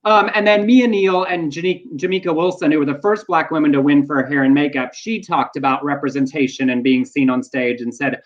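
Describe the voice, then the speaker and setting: A man co-hosting a casual news talk show, animated, with playful asides and quotes. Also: a little high, brisk, hardly any pauses, highs cut off. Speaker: podcast co-host.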